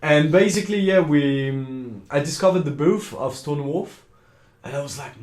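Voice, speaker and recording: A man's voice: fairly high pitch, moderate pace. A man with a French accent, a guitarist guest chatting casually and telling stories with frequent laughs. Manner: animated storyteller, laughs often, swears casually. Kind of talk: casual chat. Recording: roomy echo.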